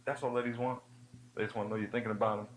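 A man giving an energetic youth sermon, telling funny stories and speaking straight to the audience. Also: fairly low pitch, rapid-fire, a little hiss or hum, rough recording. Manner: animated storytelling with humor; addresses the audience directly.

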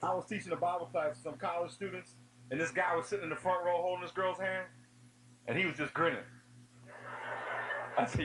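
A man giving an energetic youth sermon, telling funny stories and speaking straight to the audience. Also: high-pitched, normal speed, pauses often, slight background noise, poor audio. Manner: animated storytelling with humor; addresses the audience directly.

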